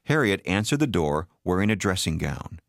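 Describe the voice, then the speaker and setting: A man reading a story aloud as an expressive audiobook narrator. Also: low voice, normal speed, no echo, clean studio sound.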